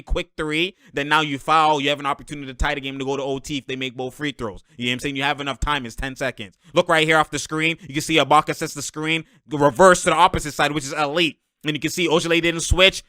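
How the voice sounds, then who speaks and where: A man casually breaking down basketball plays as the host, animated and quick to act out what players say. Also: on the high side, smooth, no echo, clean studio sound. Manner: animated, quotes players in put-on voices. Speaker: sports commentator.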